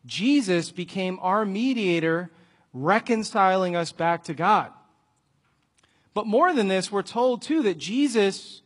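A man preaching a sermon and telling an illustrative story, earnest, often dropping to a soft, hushed voice. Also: high-pitched, slightly rough.

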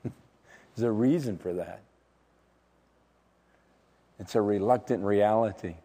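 A man preaching a sermon, emphatic and dramatic, swinging from loud declarations to hushed, slow words. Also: fairly low pitch. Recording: long hall reverb.

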